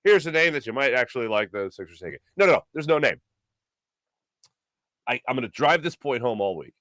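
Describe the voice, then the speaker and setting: A man hosting a sports talk show, delivering an opinionated solo monologue with emphatic swings in pitch. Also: big pitch swings, a little fast, long pauses, fairly bright tone, dry recording.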